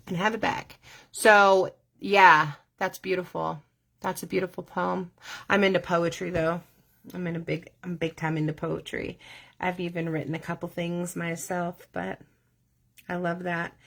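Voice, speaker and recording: Female host, casual chat to viewers, animated and profane, voice a bit low. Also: vocal fry. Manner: animated, profane, laughing easily. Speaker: vlogger.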